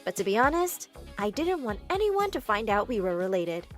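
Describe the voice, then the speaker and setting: A woman narrating an animated story in the first person, in an animated, expressive storytelling manner. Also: medium pitch, normal speed, soft background music.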